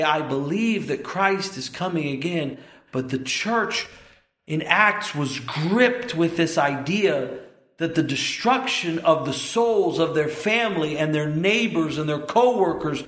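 Impassioned male pastor in echoey church. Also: on the high side. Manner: impassioned, building to shouts at peaks. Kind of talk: sermon.

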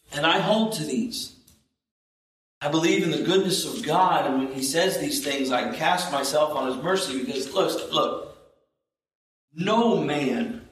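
A man preaching a sermon as pastor, slow and emphatic, rising in intensity on key points. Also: a little high, a bit bright. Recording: roomy echo, distant from the mic.

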